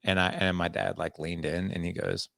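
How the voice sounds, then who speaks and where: A man with a very deep voice and a gravelly, fry-laden texture tells a personal story in earnest, animated bursts, acting out old conversations. The sound is dry and close, with no room around it. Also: normal speed, dry recording. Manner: earnest, animated storytelling with frequent "I was like" quotes. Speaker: podcast guest. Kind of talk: candid storytelling interview.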